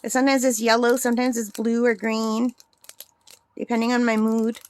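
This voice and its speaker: A woman's voice: fairly high pitch, flat delivery, normal speed, clear, resonant tone. A middle-aged woman talking casually and rambling as she works on a craft vlog, laughing often. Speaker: craft vlogger.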